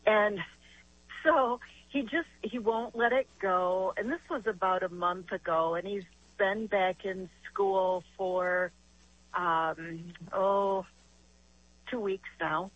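A woman's voice: medium pitch, slow, a bit bright, breathy edge, dull audio. An older woman calling in by phone to a talk show, telling a long family story in a chatty way with many restarts. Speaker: caller. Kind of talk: phone-in question to a radio show. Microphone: phone call.

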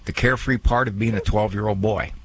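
A radio advice host with a lowish voice and fairly even intonation speaks fairly quickly, and the sound is a bit bright. On his call-in show he talks to a worried caller in a direct, fatherly way, acting out what people might say.

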